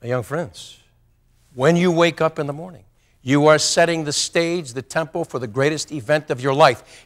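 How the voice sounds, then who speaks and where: An older man giving a motivational speech to a football team, telling stories in low confiding tones that swing into loud rallying bursts. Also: moderate pace. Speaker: motivational speaker.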